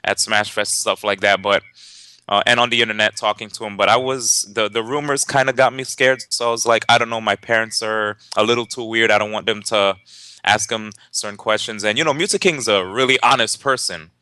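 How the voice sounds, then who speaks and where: A young man, a tournament organizer and commentator, casually telling a story in an interview, lively and laughing, with many fillers and restarts. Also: lowish voice, fairly quick, clean tone, no echo.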